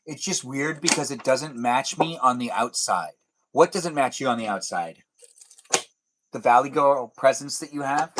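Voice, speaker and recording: A man's voice: medium pitch, lively intonation, normal speed, fairly bright tone. Playful man chatting on a live stream. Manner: playful, teasing, rambling. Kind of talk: casual live stream chat reading comments.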